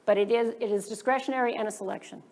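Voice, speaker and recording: A woman presents at a startup workshop. She speaks briskly as a funding advisor and keeps posing questions to the room. She sounds like she is recorded at a business school event. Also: fairly high pitch, fairly even intonation, a little mellow. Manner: brisk, poses rhetorical questions to the audience.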